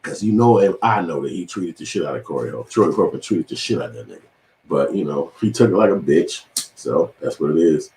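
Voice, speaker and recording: A man hosting his own channel, talking in a profane, animated commentary monologue and slipping into quoted voices as he tells stories. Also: very deep voice, a little fast, echoey room, a little hiss or hum, poor audio. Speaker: channel host.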